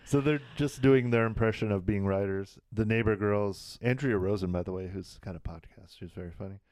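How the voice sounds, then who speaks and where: A man's voice: lowish voice, darkish tone, dry recording, studio quality. A man casually recapping a TV episode on a podcast, laughing as he retells the scenes. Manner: retells scenes with quick acted quotes, often laughing. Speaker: podcast co-host.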